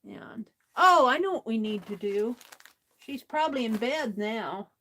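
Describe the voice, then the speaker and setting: A middle-aged woman talks slowly and easily while she unwraps craft mail, narrating each small step to herself. Her voice sits a little high, and she laughs often. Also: animated, pushed and bright, slight background noise. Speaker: craft livestream host. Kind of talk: casual craft vlog, opening mail on camera.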